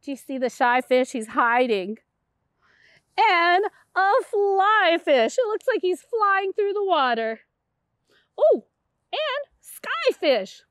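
A children's librarian reading a picture book aloud at a toddler storytime, with a sing-song, exaggerated and encouraging delivery. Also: female voice, very high voice, no room sound, studio quality.

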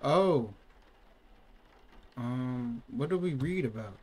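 A man doing casual gaming commentary, reacting loudly and swearing, with sudden outbursts between quieter remarks. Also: mid-range voice, animated, takes it slowly. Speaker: gaming channel host. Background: loud game music.

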